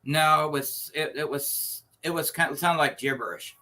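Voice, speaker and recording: A man's voice: fairly high pitch, moderate pace, pushed and bright. A man hosting a casual online chat, telling anecdotes and laughing easily. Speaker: host.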